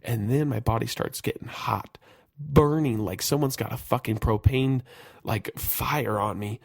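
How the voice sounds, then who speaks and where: A man's voice: mid-range voice, unhurried, vocal fry, breathy edge, dry recording, clean studio sound. A young man hosting a podcast, telling a personal story in a candid, profane way and acting out his own panicked thoughts. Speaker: podcast host. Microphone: podcast mic.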